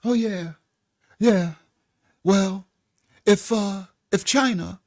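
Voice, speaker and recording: Casting note: man doing a loose impression of a calm, boastful politician, nonchalant and unbothered. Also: high voice, very slow, no room sound, clean studio sound, pitched above the performer's own voice, heavily acted. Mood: smug. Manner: laid-back, nonchalant tone. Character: calm, boastful older male politician issuing threats.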